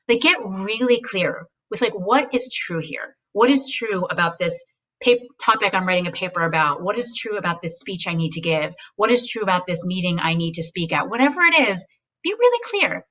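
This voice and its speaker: Woman, animated, frank, conversational, mid-pitched voice, acts out voices. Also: a little fast, far from the mic, rough recording. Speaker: guest speechwriter giving advice. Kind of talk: casual conversational advice.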